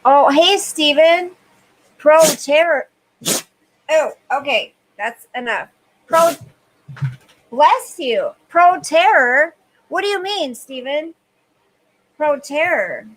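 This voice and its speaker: Woman, high-pitched, slow, hot and sweaty, casual stream chat, answering comments. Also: lively intonation, a little hiss or hum, rough recording. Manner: chatty, reads viewer comments aloud and answers them. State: overheated and sweaty. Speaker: livestream host.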